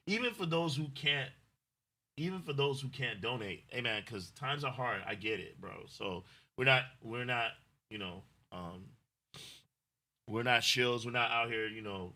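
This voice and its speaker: A middle-aged man co-hosting a livestream in loose, rambling chat. His voice is very bright and forward. He gushes openly when he thanks viewers. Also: medium pitch. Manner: effusive, rambling, emotional thanks. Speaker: livestream co-host.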